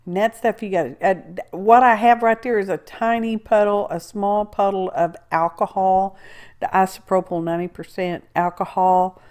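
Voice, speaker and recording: A woman's voice: medium pitch, fairly even intonation, moderate pace, a little mellow. A woman, chatting her way through a crafting tutorial, rambling with asides and talking to herself as she works. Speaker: craft video host. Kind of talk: casual crafting tutorial narration.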